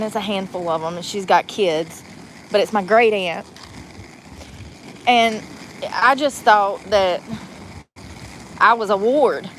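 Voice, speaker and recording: A woman's voice: mid-range voice, fairly bright tone, slight background noise, low-quality recording. A woman in her forties chatting casually while driving, rambling and laughing through her words. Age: 40s. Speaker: vlogger. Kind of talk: casual chat.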